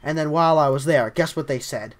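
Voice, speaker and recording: A young man with a scratchy voice, livestreaming a game at home, chatting casually and excitedly while greeting his viewers. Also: a little high, a little fast. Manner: excitable, rambling, greets chat often. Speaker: livestreaming gamer.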